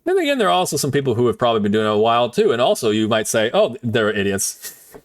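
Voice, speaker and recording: A young man rambles through a casual live stream while he plays, his pitch swinging up and down. He talks in an animated, loose way and swears without a second thought. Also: racing. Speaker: game streamer.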